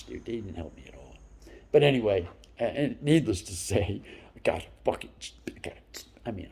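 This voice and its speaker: A man in his fifties telling rambling stories, profane and loose, dropping into whispered asides between louder bursts. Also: mid-range voice, creaky, husky. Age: 50s. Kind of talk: rambling storytelling monologue.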